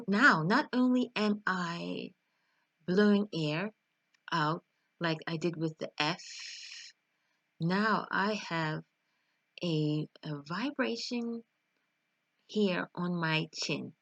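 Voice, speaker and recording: Slow, low-voiced woman teaching pronunciation. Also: fairly bright tone, no room sound. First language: English. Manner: slow, careful, exaggerated drilling of sounds. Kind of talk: online video lesson.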